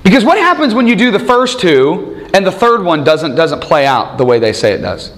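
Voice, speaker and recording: A man with a voice a little higher than most delivers a sermon. He talks in an animated way, acting out the people he quotes and pressing the listeners with rhetorical questions. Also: normal speed. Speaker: preacher.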